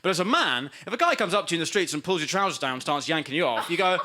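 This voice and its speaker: Sardonic young male stand-up, animated and high. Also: racing, hardly any pauses. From England. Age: 20s. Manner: sardonic, switching into mock voices for punchlines. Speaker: stand-up comedian. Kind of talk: stand-up comedy set. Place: comedy stage before a live studio audience.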